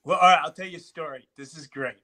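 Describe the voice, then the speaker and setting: A middle-aged man telling a story in casual chat, animated and profane, acting out what others said. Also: on the high side, quick pace, crowd noise. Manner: animated, swearing, acts out quotes. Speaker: guest.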